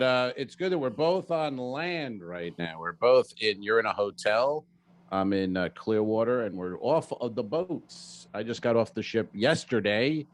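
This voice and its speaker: A man with a Rhode Island accent, a comedian co-hosting a podcast, telling a rambling story in deadpan complaints with lots of fillers. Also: fairly low pitch. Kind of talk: casual comedy podcast chat.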